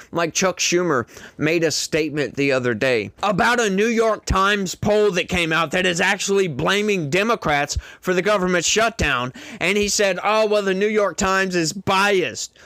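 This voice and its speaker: A man's voice: on the high side, fairly bright tone, dry recording. Sarcastic rambling male political commentator. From rural United States. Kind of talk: casual commentary monologue.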